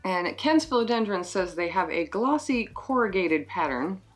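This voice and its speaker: A woman vlogging an unboxing of plant gifts, emotional and excited, swearing in delight and stumbling over plant names. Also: mid-range voice, normal speed, faint music behind. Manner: profanity-laced exclamations. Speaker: plant YouTuber. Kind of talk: unboxing vlog chat.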